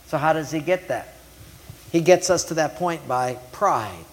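Middle-aged man, pastor preaching, dramatic delivery, fairly high voice, long hall reverb. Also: expressive, unhurried. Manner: dramatic, swings between loud emphasis and soft hushed asides. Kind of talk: sermon.

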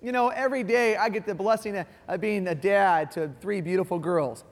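A man's voice: high voice, brisk, slight background noise. A man in his forties preaching a folksy, playful sermon to a church congregation, joking about family life. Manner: folksy and playful, acts out his daughters' voices. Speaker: guest pastor. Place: church sanctuary. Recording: long hall reverb.

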